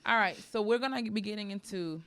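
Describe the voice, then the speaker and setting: A woman's voice: mid-range voice, fast talker, a bit bright, smooth. A woman in her thirties hosting a casual talk show, bubbly and chatty, calling her guest "girl". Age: 30s. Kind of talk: casual chat.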